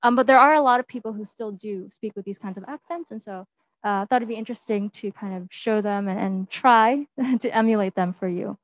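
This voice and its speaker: A woman's voice: mid-range voice, fairly quick, no room sound. A woman teaching fellow explaining accents in an online class, with many ums and spoken examples. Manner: explanatory, with fillers and demonstrations. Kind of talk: online language lesson. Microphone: video call.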